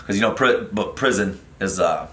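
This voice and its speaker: A middle-aged man, a guest comedian, telling a prison story in a casual, animated, profane way, full of fillers and restarts, in a podcast studio. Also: low voice, moderate pace, reverberant.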